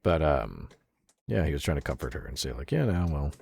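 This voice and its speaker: A man's voice: very deep voice, expressive, brisk, gravelly, husky, dry recording. A man streaming and chatting casually, rambling through a story with lots of "like" fillers and casual swearing, close to the mic. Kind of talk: casual chat retelling a story.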